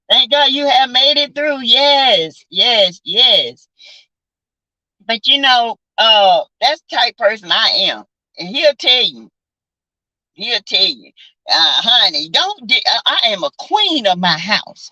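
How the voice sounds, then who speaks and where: A woman with a Southern American accent, telling stories in a sassy, animated casual chat, swearing and calling listeners honey and baby. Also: a little high, slow, no echo, low-quality recording. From South Carolina. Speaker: vlogger chatting with live viewers.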